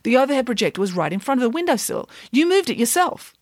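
A woman's voice: fairly high pitch, fast, dry recording, studio quality, pitched above the performer's own voice. Woman playing a cool, precise schoolgirl sleuth. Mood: coolly logical. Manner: calm, clipped, reasoning.

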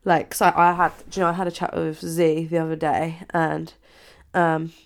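Young girl just chatting, lotta "like"s, kinda low voice. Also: little pitch movement, moderate pace, creaky. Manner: rambling, heavy use of "like", acts out quotes in a higher voice. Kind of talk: casual confessional chat.

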